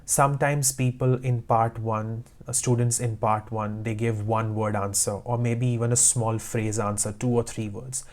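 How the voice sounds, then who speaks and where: Man, IELTS speaking tutor, emphatic, direct commands, mid-pitched voice. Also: little pitch movement, normal speed, few pauses, a little mellow. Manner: direct, emphatic, repeats advice in short commands. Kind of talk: instructional talk to camera.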